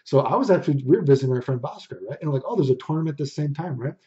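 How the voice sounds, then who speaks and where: A man's voice: on the high side, rapid-fire, warm tone. A young man telling a profane, ranting story in casual podcast chat, saying "dude" again and again. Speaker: podcast host. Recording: dull lo-fi recording.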